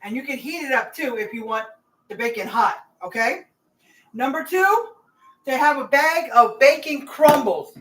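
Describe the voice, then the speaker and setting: A woman's voice: fairly high pitch, fairly bright tone, slight background noise. A woman hosting a cooking vlog, rambling chattily and talking straight to her viewers from her home kitchen. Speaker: cooking channel host.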